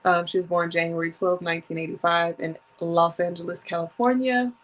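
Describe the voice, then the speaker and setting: A woman's voice: lowish voice, fairly even intonation, brisk, poor audio. A woman in her thirties hosting a solo podcast, chatting casually and reading from her notes, with a runny nose from allergies. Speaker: podcast host.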